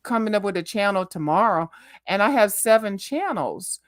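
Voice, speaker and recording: A middle-aged woman on a live online panel, ranting loudly and cussing freely in animated chat. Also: medium pitch, moderate pace, no echo, clean studio sound. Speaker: YouTuber guest on a live panel. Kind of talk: profane livestream panel chat.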